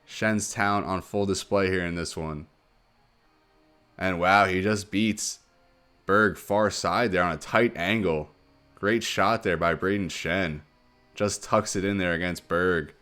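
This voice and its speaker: A low-pitched man commentates a hockey video game in play-by-play style. He talks through the action quickly and surges in excitement when goals go in. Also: clean tone, soft background music. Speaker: gaming commentator.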